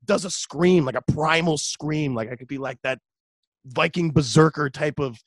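A man's voice: on the high side, moderate pace, no echo. Laid-back man, dry close sound. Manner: laid-back, chatty, says "dude" and "like" often. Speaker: radio host and metal vocalist. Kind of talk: casual interview chat.

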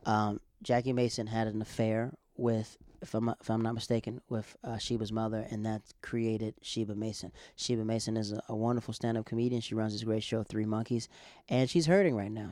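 A man's voice: lowish voice, a little mellow, no echo, studio quality. A stand-up comedian from Florida, telling stories in a casual, rambling way, repeating himself as he goes. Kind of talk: casual storytelling to camera.

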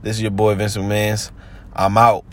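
A man's voice: fairly low pitch, completely flat delivery, normal speed. A man hosting a podcast in a slangy, rambling, casual chat full of fillers. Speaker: podcast host.

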